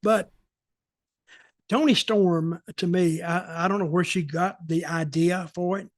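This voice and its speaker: An American man hosts a podcast, sharing folksy, opinionated views in a rambling, storytelling way. His voice is high for a man, and the recording is dry and close. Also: fairly even intonation, measured pace, dry recording. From United States. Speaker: podcast host, wrestling veteran. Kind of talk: casual podcast chat.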